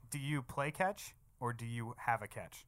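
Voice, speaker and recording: Man, podcast co-host, easygoing, mid-pitched voice, casual asides. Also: animated, normal speed, fairly bright tone. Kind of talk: casual chat.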